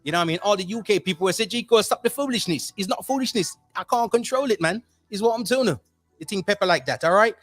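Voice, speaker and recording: Fast-talking, high-voiced radio host man. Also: soft background music. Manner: lively shout-outs heavy with slang; slips into Caribbean-style patois for fun. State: a little under the weather. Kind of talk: energetic radio DJ chat. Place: at home, remote broadcast.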